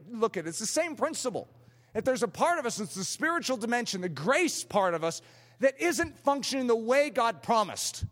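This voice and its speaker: A man delivering a fervent, emphatic sermon in a very high voice. His pitch swings widely from line to line. A long hall reverb trails after his words. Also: a bit bright. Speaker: preacher.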